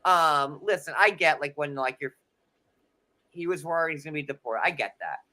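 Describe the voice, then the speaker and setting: A man's voice: on the high side, moderate pace, sharp tone. A man co-hosting a casual chat, sarcastic and rambling with many fillers. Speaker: podcast co-host.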